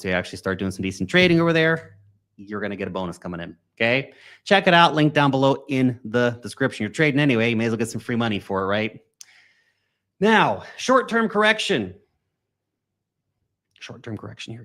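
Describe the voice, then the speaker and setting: A man hosting a crypto livestream, talking in a casual, slangy, energetic way and greeting viewers. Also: mid-range voice. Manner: energetic, slangy, chatty, swings loud and soft. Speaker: crypto YouTube host.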